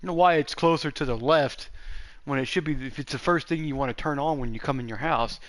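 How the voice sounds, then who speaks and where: A man's voice: fairly high pitch, fairly quick, fairly bright tone, no room sound. A man hosting a gaming channel, chatting casually and rambling, swearing and talking to himself while he hunts around his room at home.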